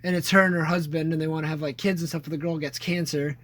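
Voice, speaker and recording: A man's voice: on the high side, steady tone, quick pace, fairly bright tone. Rambling, profane young man. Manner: rambling, profane, restarts sentences. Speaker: podcast co-host. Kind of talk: casual chat.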